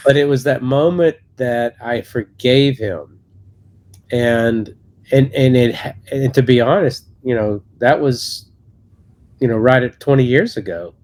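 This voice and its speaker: A man in his thirties, an associate pastor, telling his personal testimony in a podcast interview in a halting, earnest way with many restarts. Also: mid-range voice, a little mellow.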